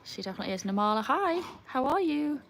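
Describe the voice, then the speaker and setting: A high, sing-song, gravelly voice moves at a quick pace with a little hiss or hum. It belongs to a young woman from England and Wales livestreaming poolside at home with her dogs, chatting with viewers, answering them, and shouting woohoos at the dog over a pool pump and faint outdoor ambience.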